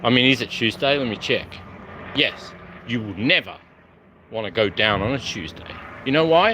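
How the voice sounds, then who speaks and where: A man's voice: medium pitch, expressive, normal speed, sharp tone, a little hiss or hum. A man talking to camera in a rambling monologue, offhand and jumping from topic to topic. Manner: meandering, offhand, jumps between topics.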